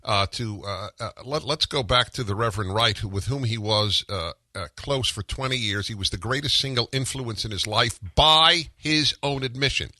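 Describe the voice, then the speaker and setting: Older male radio host, forceful and emphatic, bright edge, dry close-miked sound. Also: medium pitch, normal speed, few pauses, no room sound. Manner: combative, interrupting, emphatic. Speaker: radio talk show host. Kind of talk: talk radio argument and commentary.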